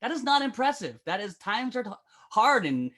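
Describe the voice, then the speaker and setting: A man's voice: very high voice, big pitch swings, moderate pace, a bit bright. Brash profane man doing stand-up. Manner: brash, profane, rambling storytelling. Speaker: comedian guest. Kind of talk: stand-up set on a live stream.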